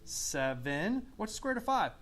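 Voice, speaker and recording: Math teacher guy running class, voice a bit high, asks questions, light hiss behind. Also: sing-song, moderate pace, a bit bright. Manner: coughs and clears throat now and then. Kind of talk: classroom lecture.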